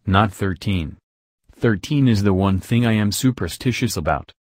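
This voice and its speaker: A spirited, headstrong young heroine from an audiobook, voiced by a man reading in his own fairly low voice. She speaks with a dry, close sound. She is firm at one moment and pleading at the next. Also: moderate pace, no echo, lightly acted.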